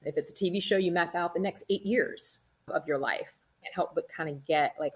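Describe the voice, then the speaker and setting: A middle-aged woman, an actress, chatting in an interview and telling animated stories about her work. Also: sits low, moderate pace, a little hiss or hum. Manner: chatty, animated storytelling, acts out quoted people. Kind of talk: casual interview conversation.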